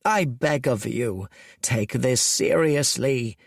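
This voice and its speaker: A man's voice: medium pitch, takes it slowly, creaky, no room sound, clean studio sound, pitched above the performer's own voice. A man voicing a nervous, desperate male dragon lieutenant whose pleading voice cracks upward. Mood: pleading, panicked.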